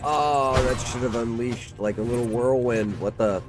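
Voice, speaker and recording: Over loud music, a man with a medium-pitched voice at normal speed offers casual commentary while reviewing a game on stream. He's a bit out of breath, throws in the odd swear word, and reads the game text aloud.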